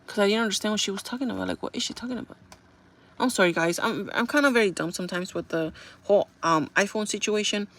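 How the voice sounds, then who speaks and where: A young woman talks casually to her viewers in a mid-pitched voice. She rambles and circles back, filling her sentences with "like" and "you know" as she tells a story. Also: fast talker, a bit bright. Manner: rambling, filler-heavy storytelling with frequent "like". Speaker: vlogger. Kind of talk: casual chat.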